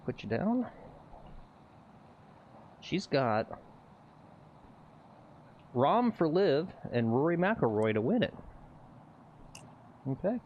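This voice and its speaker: A man's voice: on the high side, very animated, very slow, pauses often, lo-fi sound, a little hiss or hum. A man hosting a casual golf livestream, rambling and reading viewer comments aloud. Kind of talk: casual live-stream chat. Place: outdoors on a golf course.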